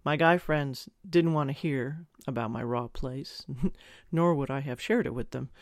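A man's voice: medium pitch, measured pace, no room sound. A man narrating a first-person story in a confessional, wry manner on a close mic. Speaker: audiobook narrator.

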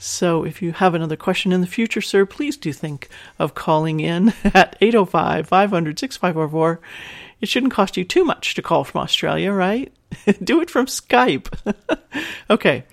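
A woman's voice: fairly low pitch, animated, measured pace. A woman hosting an advice podcast, talking frankly and casually, reading listener emails and laughing often. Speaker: sex advice podcast host.

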